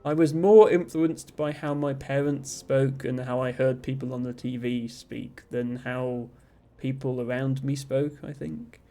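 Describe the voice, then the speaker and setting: A man's voice: medium pitch, fairly even intonation, unhurried, hardly any pauses, warm tone. A man with a generic Southern English accent chatting casually as a streamer, rambling and self-deprecating, reading out viewer messages. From Somerset, southwest England.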